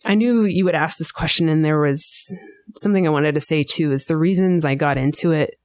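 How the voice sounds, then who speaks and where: A woman being interviewed on a podcast, telling a personal story with lively energy and acting out the voices of people she quotes. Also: deep voice, a little fast. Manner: animated storyteller who acts out quoted voices. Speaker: guest, school board member.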